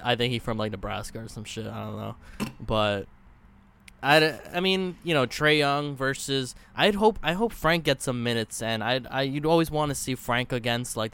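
A man co-hosting a sports podcast in casual, halting chat, with many fillers and restarts. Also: medium pitch, a bit bright, slight background noise. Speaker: podcast co-host.

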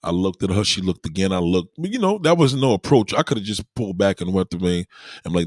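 Fast-talking and low-pitched, with big swings in pitch, a man gives dating advice in a profane, slang-heavy casual monologue. He constantly checks in with "you know what I mean." The recording is clean studio sound with no room sound.

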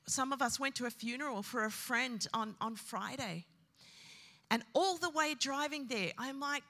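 Bright-voiced woman preaching in a hall. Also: high voice, normal speed. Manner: emphatic, repeats key phrases. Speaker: pastor. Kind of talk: sermon. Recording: long hall reverb.

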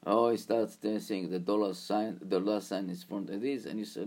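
Gravelly man telling a story. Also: lowish voice, fairly even intonation, a little mellow. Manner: halting, repetitive, informal.

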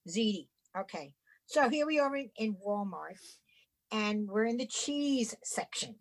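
A woman from the US East Coast telling a story in casual chat, animated and exasperated, swearing a lot. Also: medium pitch, a little slow. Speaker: podcast co-host.

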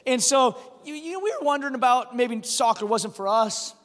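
A pastor preaching a sermon, telling a family story with lots of restarts and animated delivery. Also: male voice, extremely high pitch, fairly quick. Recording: long hall reverb.

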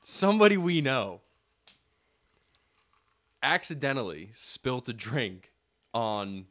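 Casting: man, podcast guest, wry interjections, lively middle-pitched voice. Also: slow pace. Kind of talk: casual comedic chat.

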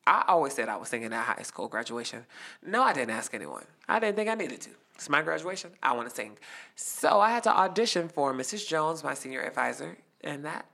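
A young man tells a story as a guest. His voice is bright and forceful, and he acts out every quote with animated flair. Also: fairly high pitch, a little fast, creaky. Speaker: guest performer. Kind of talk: casual storytelling.

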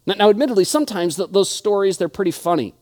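A man's voice: high-pitched, quick pace, a little mellow. Earnest young male pastor preaching. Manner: earnest storytelling with repeated restarts. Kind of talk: sermon.

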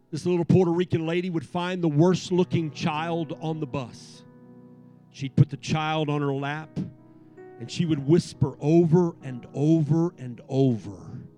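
A man preaching a sermon in church, swinging from hushed tones to shouting. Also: fairly high pitch. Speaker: pastor. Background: soft piano keys.

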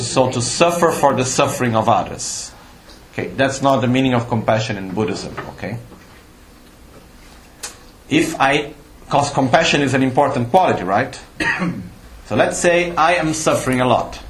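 With a medium-pitched voice and slightly non-native phrasing, a man offers a Buddhist teaching to a live audience, explaining patiently and checking in with questions. The recording comes from a roomy retreat teaching hall with faint ambience and a little hiss or hum.

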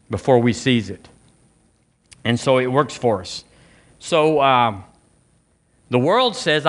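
A man's voice: mid-range voice, fairly bright tone. Man preaching, chatty and repetitive. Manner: conversational preaching with repetitions and questions to the congregation. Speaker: pastor. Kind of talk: sermon.

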